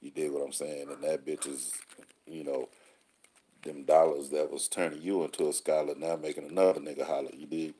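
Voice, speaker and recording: A man with an extremely low, husky voice talks easily to his listeners. His tone is mellow and dark, and he drawls through street slang and little rhyming sayings. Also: flat delivery, brisk. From Texas. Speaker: call-in show host. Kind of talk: casual monologue answering listeners.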